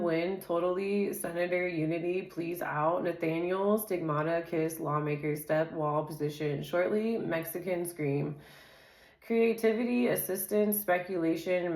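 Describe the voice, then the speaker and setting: Casual woman tarot reader, lowish voice, word lists, chatty asides, roomy echo. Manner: rattles off card keywords in quick lists; laughs easily and chats off-topic.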